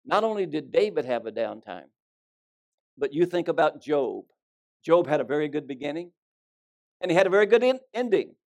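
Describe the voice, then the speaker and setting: A man preaching a sermon, telling folksy stories and swinging between loud emphasis and hushed delivery. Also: a little high, big pitch swings, normal speed, long pauses. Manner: folksy storytelling with fillers.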